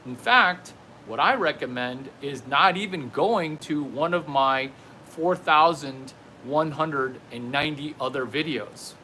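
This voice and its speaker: A man in a rambling comedic monologue, speaking slowly with a bright, forceful edge. His voice sits fairly high and swoops widely as he riffs playfully from one absurd tangent to the next. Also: slight background noise. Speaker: comedian vlogger.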